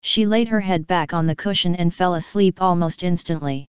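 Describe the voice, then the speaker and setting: Clear woman narrating a storybook. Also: on the low side, moderate pace, no echo, lo-fi sound. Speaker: audiobook narrator. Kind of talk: scripted storybook narration with character dialogue.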